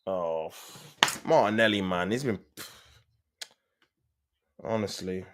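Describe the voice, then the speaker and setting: A man's voice: low-pitched, slow, a little hiss or hum. A man hosting a live stream, giving casual, slang-heavy fan commentary on a match and getting exasperated at the play. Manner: slangy, talks to viewers, gets exasperated at play.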